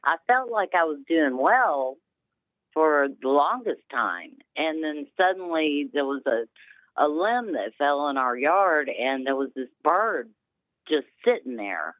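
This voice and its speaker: A woman's voice: low-pitched, sing-song, a little slow, no room sound. Rambling woman caller on a tinny phone line. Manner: rambling, hesitant, emotional. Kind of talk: phone-in call. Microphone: telephone.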